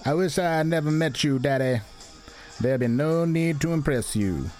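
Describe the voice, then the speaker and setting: A man doing an impression of a wrestling star, reading a sappy poem slowly and theatrically, with faint music behind. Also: a little high, a little mellow, pitched above the performer's own voice, close to an everyday voice. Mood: mock-dramatic. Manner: slow, drawn-out theatrical reading.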